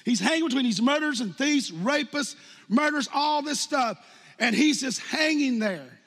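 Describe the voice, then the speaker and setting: A man in his fifties preaching a sermon as pastor, animated, jumping from loud outbursts to hushed lines and acting out quotes. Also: extremely high pitch, normal speed. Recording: long hall reverb.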